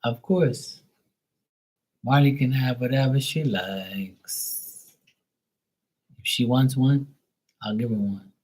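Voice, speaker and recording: The tarot reader's livestream comes through as poor audio, his medium-pitched, darkish voice moving slowly with long pauses. He rambles in loose, profane casual chat, talking to his dog and his audience.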